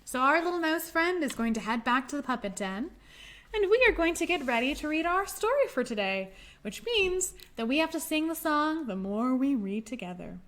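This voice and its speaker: A young woman librarian leading a children's storytime, gently encouraging and singing nursery rhymes. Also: high voice, sing-song, moderate pace.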